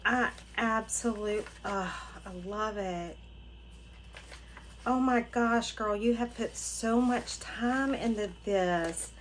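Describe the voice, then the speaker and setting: Woman, gasping, effusive, slightly high pitch, slow pace, casual craft unboxing vlog. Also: slight background noise, rough recording. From Florida, USA. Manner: gushing, excitable, gasping, repeats "oh my gosh". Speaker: craft channel host.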